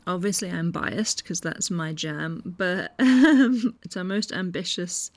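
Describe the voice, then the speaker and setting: A woman's voice: fairly low pitch, gravelly. A woman presenting a podcast as a festival's online coordinator, chatting casually and enthusiastically and often laughing.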